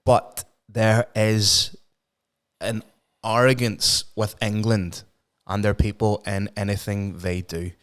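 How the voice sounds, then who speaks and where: Man, podcast co-host, low voice, smooth and resonant, emphatic, swears freely. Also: level tone, slow pace, fairly bright tone. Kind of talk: casual opinionated chat.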